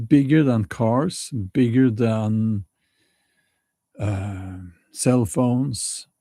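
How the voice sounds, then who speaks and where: Slow, halting Norwegian-accented man. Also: medium pitch, dark tone, no echo, studio quality. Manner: halting, many restarts and fillers. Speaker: vlog host. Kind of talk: casual spoken commentary.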